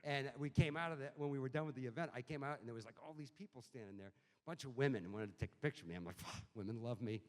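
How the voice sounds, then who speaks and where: A middle-aged man from telling profane, animated comic anecdotes at a book event. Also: medium pitch, very fast, a little hiss or hum. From Boston. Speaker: author guest. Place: bookstore event hall. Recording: reverberant hall, live audience.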